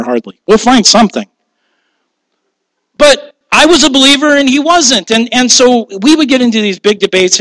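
A man's voice: high-pitched, fairly bright tone, no room sound, low-quality recording. A man, a pastor, preaching a sermon in a conversational way, asking rhetorical questions and laughing at his own asides.

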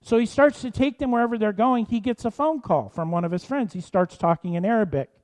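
Man, sermon storytelling and prayer, high voice, mellow tone. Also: fairly quick. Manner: animated storytelling, then hushed earnest prayer. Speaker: minister.

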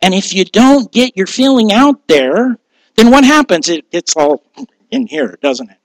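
High-voiced man preaching casually. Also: sing-song, measured pace, creaky, no echo, poor audio. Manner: conversational preaching with rhetorical questions. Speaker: pastor. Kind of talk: sermon.

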